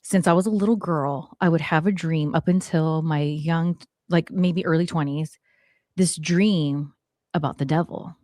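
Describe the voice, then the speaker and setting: Woman in her forties, talk show host, animated storyteller, acts out quotes, dry close sound. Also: low voice, a little slow, no echo. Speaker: podcast host. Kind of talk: storytelling chat.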